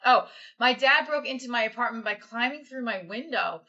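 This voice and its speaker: Woman host, bright voice, candid, swears a lot, echoey slightly dull room sound. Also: on the high side, animated, normal speed. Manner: candid and rambling, swears freely. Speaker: livestream host. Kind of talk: casual chat with live viewers.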